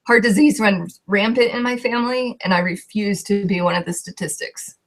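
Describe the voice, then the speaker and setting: A woman's voice: mid-range voice, moderate pace, a bit bright. Emotional young woman sharing her story. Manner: heartfelt, voice shaking with emotion. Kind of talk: emotional personal testimony.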